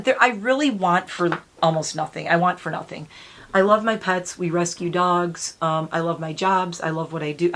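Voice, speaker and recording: A woman in her fifties talking to camera in a casual, rambling way, blunt and sweary with quick self-mocking asides, her throat dry enough that she clears it now and then. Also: on the low side, fairly bright tone. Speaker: beauty YouTuber.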